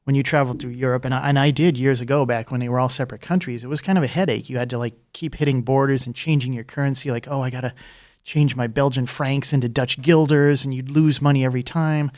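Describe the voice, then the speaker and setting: A man's voice: mid-range voice, fairly even intonation, fast talker, hardly any pauses, a little mellow, dry recording, clean studio sound. A man talking politics as a guest in casual chat, rambling with many fillers and asides. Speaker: guest, former political candidate.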